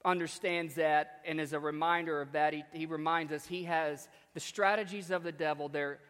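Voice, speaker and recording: A man's voice: fairly high pitch, steady tone, normal speed, a bit bright, clean tone. A man preaching a sermon in a conversational, emphatic way, repeating his key lines. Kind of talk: storytelling sermon. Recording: long hall reverb.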